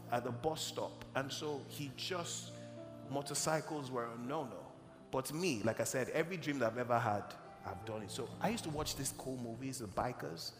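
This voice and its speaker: A man from Nigeria tells an emotional testimony from the pulpit with a gravelly edge to his voice. His words ring through a large church hall. Music plays clearly behind him. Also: a little high. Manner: emotional, animated storyteller. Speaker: preacher giving a testimony. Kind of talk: sermon storytelling.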